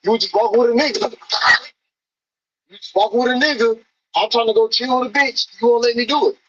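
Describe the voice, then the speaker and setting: A man's voice: extremely high pitch, a little fast, highs cut off. A man in a casual video clip, teasing and rambling and repeating phrases.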